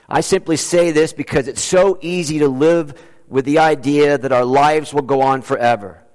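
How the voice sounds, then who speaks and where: A man preaching a sermon as pastor in an earnest, conversational way. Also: fairly high pitch. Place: church sanctuary. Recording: long reverb of a large church.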